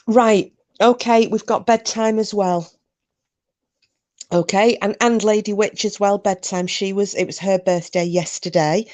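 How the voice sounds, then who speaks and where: A woman's voice: mid-range voice, steady tone, unhurried, darkish tone. A middle-aged woman hosting a live stream, chatting casually to her viewers and laughing often between remarks. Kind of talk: casual chat to a live chat audience.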